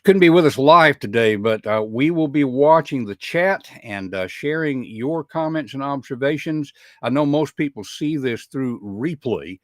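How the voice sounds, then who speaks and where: A man's voice: mid-range voice, animated, unhurried, a bit bright, dry recording, clean studio sound. A man with a Southern American accent, hosting a live show, chatting in a folksy way with a lot of "uh" fillers. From Southern United States. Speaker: podcast host.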